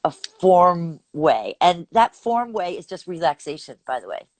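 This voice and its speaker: A woman's voice: fairly low pitch, sing-song, measured pace, no echo. An older woman from Texas, a vocal coach, chatting animatedly in an interview and laughing often as she explains technique. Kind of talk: casual interview chat.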